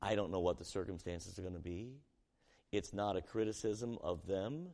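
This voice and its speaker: A pastor with a deep, creaky voice preaches at a moderate pace, reading scripture and asking the room questions. He alternates between quiet reading and loud emphasis, and the recording has a big-room sound.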